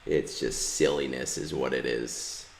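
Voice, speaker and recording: Brief: low-voiced, unhurried male streamer, rambling, filler-heavy, in a roomy echoing space. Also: steady tone, gravelly, slight background noise. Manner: rambling, many fillers and restarts. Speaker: gaming streamer. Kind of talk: casual livestream commentary while playing.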